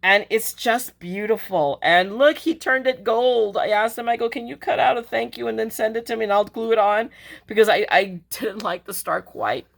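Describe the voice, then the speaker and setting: A woman's voice: a little high, normal speed, gravelly. A middle-aged woman chatting casually as a crafting vlogger, gushing and emotional as she opens her mail. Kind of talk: casual chat.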